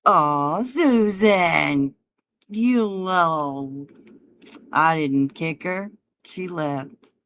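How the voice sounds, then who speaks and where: Slow-talking taunting woman livestreamer. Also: low-pitched, fairly bright tone. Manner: taunting, profane, mocking. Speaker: livestream host. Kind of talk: heated livestream argument.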